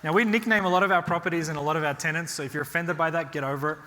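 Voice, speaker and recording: There's slight background noise as an Australian man, pitched on the high side and talking very fast, gives a live real estate workshop. He narrates with energy, often checking in with "right?", and the room adds hall reverb.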